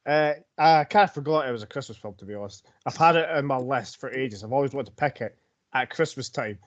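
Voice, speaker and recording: A man's voice: mid-range voice, brisk, no echo, dull audio. A man co-hosting a casual podcast, rambling with many fillers. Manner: rambling, mumbles asides. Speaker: podcast co-host. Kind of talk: casual chat.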